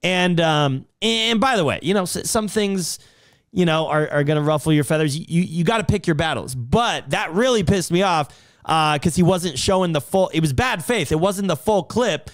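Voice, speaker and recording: A man's voice: a little high, moderate pace, no echo, studio quality. A man hosting a livestream, talking casually and telling a rambling, profane story to settle an argument. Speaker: livestream host.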